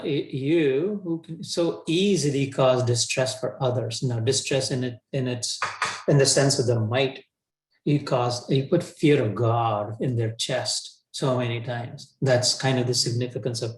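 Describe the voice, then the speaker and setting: A man's voice: mid-range voice, fairly even intonation, a little slow. A man teaching a scripture session in a casual, colloquial way, often restarting his sentences. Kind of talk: conversational scripture lecture. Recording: roomy echo.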